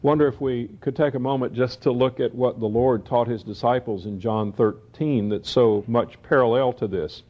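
A man teaching the Bible verse by verse, reading scripture slowly and then explaining it in quick asides. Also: mid-range voice, fairly even intonation. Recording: dull lo-fi recording.

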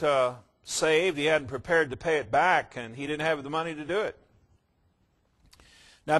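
A man preaching a sermon in a voice a little higher than most men's. He retells the story in his own words, sometimes soft and reflective, then rising to loud, stressed lines. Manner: storytelling, swings from quiet reflection to loud emphasis.

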